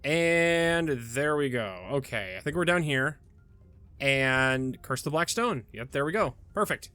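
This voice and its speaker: A man's voice: fairly high pitch, expressive, unhurried, pushed and bright, clear, resonant tone, dry recording, faint music behind. A man hosting a gaming video, thinking aloud in a hesitant way with frequent restarts. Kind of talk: gameplay commentary.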